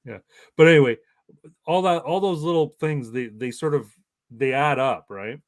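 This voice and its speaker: A man's voice: on the high side, normal speed, no room sound. A man in his forties from Canada, chatting casually as a podcast host, rambling along with many false starts and repeated words. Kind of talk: casual chat.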